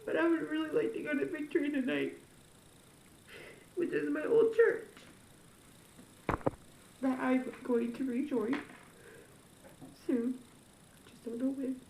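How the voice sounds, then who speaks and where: A teenage girl speaks slowly in a high, gravelly voice, her words wavering as she cries through a personal story. It is a confessional vlog recorded in an echoey room with a faint hiss behind her. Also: fairly even intonation, darkish tone. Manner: emotional, tearful storytelling. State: crying. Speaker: vlogger.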